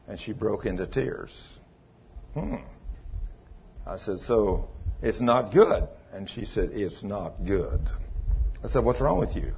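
A man preaching a sermon as pastor, telling a story and acting out the dialogue, swinging between loud and soft. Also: on the low side, expressive, slow pace, creaky, pauses often, dull audio, slight background noise.

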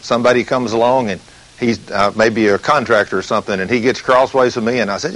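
A man preaching a sermon, reading scripture slowly and telling stories with emphasis. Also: mid-range voice, fairly even intonation, a bit bright, rough recording.

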